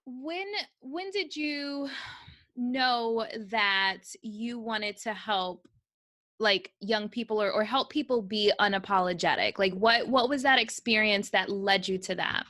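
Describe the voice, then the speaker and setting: A woman hosting a podcast interview, enthusiastic and quick to laugh. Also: mid-range voice, sharp tone. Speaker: podcast host. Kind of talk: upbeat interview chat.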